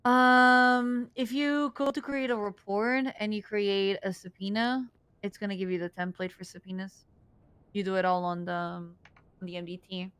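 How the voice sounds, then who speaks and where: A woman's voice: mid-range voice, fairly even intonation, moderate pace, a bit bright, smooth, dry recording. A woman role-playing a police officer, patiently explaining procedure step by step with fillers. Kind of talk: in-character role-play explanation.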